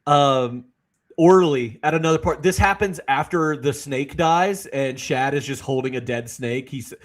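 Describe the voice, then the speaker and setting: A man's voice: medium pitch, measured pace. A man co-hosting a casual movie chat podcast, eagerly quoting favorite lines and laughing along. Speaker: podcast co-host.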